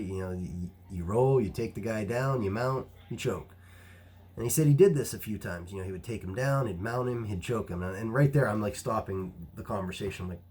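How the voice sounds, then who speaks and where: A man who runs a martial arts gym, telling a story to camera in a casual, animated way, full of restarts and fillers. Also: on the low side, slightly rough. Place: Ohio.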